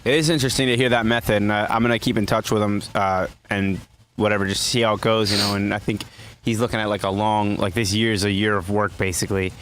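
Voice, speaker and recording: A fast-talking man with a low voice in a relaxed podcast chat. He rambles, circles back, and repeats phrases as he works through a thought. A faint hiss sits under the recording. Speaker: podcast co-host. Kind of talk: casual chat.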